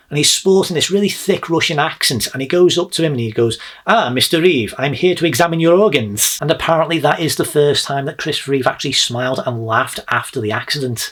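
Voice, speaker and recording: A fairly high-voiced man with a husky, breathy tone talks through a film review. He speaks in an earnest, measured way, like a host addressing his regular viewers. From United Kingdom.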